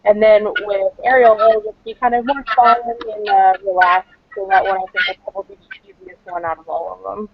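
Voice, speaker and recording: A woman's voice: mid-range voice, fairly even intonation, brisk, few pauses, husky. A woman cosplayer answering interview questions in a chatty, rambling way, with lots of fillers. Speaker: cosplayer guest. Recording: dull lo-fi dry recording.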